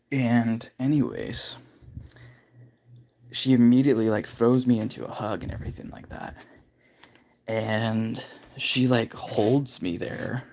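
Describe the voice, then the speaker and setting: A man's voice: medium pitch, vocal fry, darkish tone. A man hosting a livestream, candidly telling a personal story in a casual, rambling way full of filler phrases. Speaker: livestream host.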